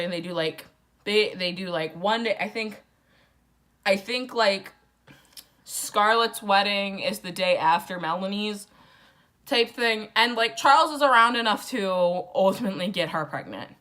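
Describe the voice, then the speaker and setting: A woman's voice: mid-range voice, bright, forceful tone. A tipsy young woman retelling a classic novel in a crude, rambling, sarcastic way. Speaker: book vlogger. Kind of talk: drunk comic book summary.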